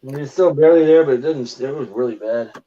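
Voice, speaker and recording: A man's voice: medium pitch, fast, mellow. A man in casual chat, joking and teasing his co-host. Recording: dull lo-fi sound.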